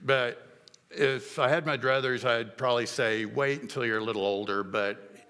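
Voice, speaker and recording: A middle-aged man preaching a sermon as pastor, telling stories in a conversational way with halting restarts. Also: medium pitch, steady tone, pushed and bright, clean tone, long reverb tail. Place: church sanctuary.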